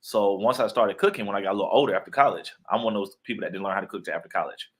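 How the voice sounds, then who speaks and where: A man with a low voice chats casually in an interview. He is a playful storyteller who keeps acting out what other people said. He sounds like a young adult. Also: rapid-fire, a bit bright. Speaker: guest author and actor.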